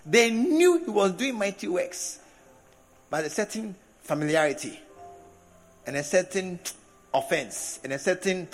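Preaching at a measured pace, a man delivers a sermon in a high, lively voice that swoops up and down, with laughing asides and stretched-out key words. Recorded from a distance in a large hall with a congregation, the audio has a long echo and faint background music.

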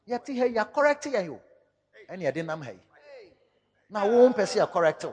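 A male pastor preaching a sermon in an animated way, slipping into local-language phrases and bursting into sudden shouts. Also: sits high, moderate pace, husky, long reverb tail.

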